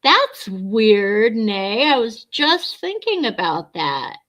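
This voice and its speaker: Middle-aged woman, bright-voiced, casual livestream host answering chat bluntly. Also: fairly high pitch, big pitch swings, slow pace. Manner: blunt, chatty, reads and answers viewer comments. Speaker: livestreamer chatting with viewers.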